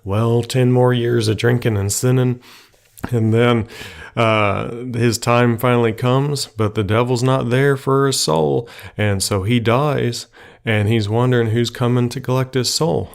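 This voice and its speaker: A man's voice: medium pitch, a little slow, gravelly. Folksy man telling a tale. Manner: folksy, colloquial and lively. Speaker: podcast host. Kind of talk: casual storytelling.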